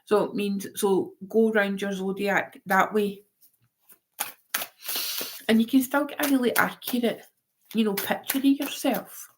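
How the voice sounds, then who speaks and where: A woman's voice: medium pitch, steady tone, measured pace, long pauses, noisy background. A woman giving a live-stream tarot reading in a chatty, rambling way, often going off on tangents. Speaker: tarot reader.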